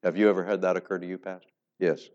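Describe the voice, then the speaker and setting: Low-voiced man preaching a story. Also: little pitch movement, quick pace, muffled recording. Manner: storytelling with swings in loudness. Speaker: preacher, former pastor. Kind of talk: sermon.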